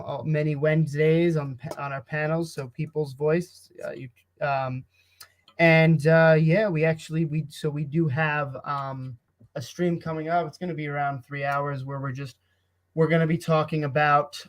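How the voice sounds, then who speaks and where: A man co-hosting a casual political chat, thoughtful and hesitant, with many fillers. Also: a little high. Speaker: co-host.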